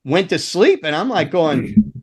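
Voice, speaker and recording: A man's voice: high voice, sing-song, unhurried. An older man, a former roadie, telling rambling, profane road stories in casual chat, laughing and acting out quotes. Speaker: guest, former rock roadie.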